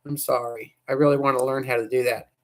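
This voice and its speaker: A woman hosting a casual livestream, chatting to viewers in a rambling way and sounding hoarse. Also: extremely low pitch, fairly even intonation, quick pace. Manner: rambling, chatty, trails off mid-thought. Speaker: livestream host.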